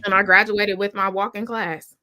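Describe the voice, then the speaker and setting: A young adult woman tells her story over a video call. Her voice is bright and a little forceful. She talks with emphatic energy and slips into acting out what she was thinking at the time. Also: mid-range voice, moderate pace, slight background noise. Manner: animated and emphatic, acts out her own past thoughts. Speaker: guest. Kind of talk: personal storytelling in a conversation.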